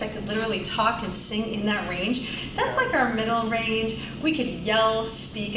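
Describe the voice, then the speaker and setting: A woman teaching a choir class, explaining and singing examples in an encouraging way. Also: on the high side. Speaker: vocal coach. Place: church rehearsal room. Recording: echoey room from far off, noisy.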